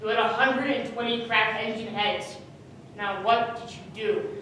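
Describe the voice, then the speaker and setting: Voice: mid-range voice, fairly even intonation, moderate pace, a little hiss or hum, natural voice. A student actor playing a grown son furiously accusing his father, in a student stage performance. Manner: accusing, shouting. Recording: echoey room from far off.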